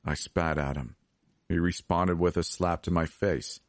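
A man reading a scripted horror story as podcast narrator, steady and measured. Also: low voice, no echo, clean studio sound.

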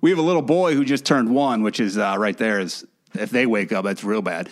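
A man's voice: on the low side, fairly quick, few pauses. A young man, a podcast co-host, reading out a listener's email in casual chat and laughing often. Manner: laughs often, mock voices for quoted people.

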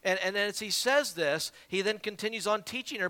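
A man from South Carolina, an evangelist preaching a sermon and telling a story with lively, repeated words. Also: high voice, normal speed, hardly any pauses. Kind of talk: sermon with Bible reading. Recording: long hall reverb.

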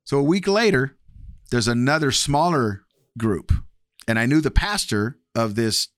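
A man's voice: mid-range voice, lively intonation, a little slow, a bit bright, no room sound, clean studio sound. Candid man telling his life story. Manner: candid, acts out past dialogue with varied voices. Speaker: guest sharing testimony. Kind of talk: personal testimony, casual storytelling.

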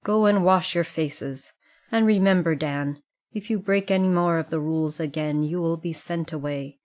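A woman voicing a stern fatherly male schoolmaster in an audiobook, speaking slowly and firmly. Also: low voice, darkish tone, close to an everyday voice. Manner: slow, firm and measured. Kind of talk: audiobook character reading.

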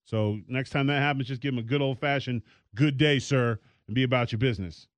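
A man co-hosting a casual talk show, telling stories in an animated way and slipping into high mock voices. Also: quick pace, no room sound. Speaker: podcast co-host. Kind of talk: casual chat.

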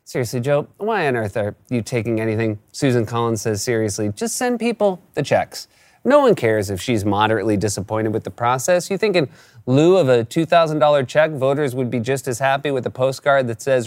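Animated, sarcastic late-night male host. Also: medium pitch, fast talker, no echo, clean studio sound. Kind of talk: scripted comedic monologue.

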